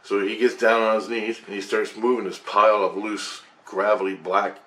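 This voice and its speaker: Low-voiced man telling a rambling story. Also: moderate pace. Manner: rambling, profane, excitable. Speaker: vlogger. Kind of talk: personal storytelling to camera.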